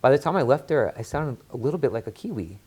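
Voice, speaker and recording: Talk-show guest, man from the D.C. area, joking and rambling, medium pitch. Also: sing-song, fast, a little mellow, slightly rough. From Washington, D.C. area, USA. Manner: joking, rambling, with filler words. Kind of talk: casual storytelling chat.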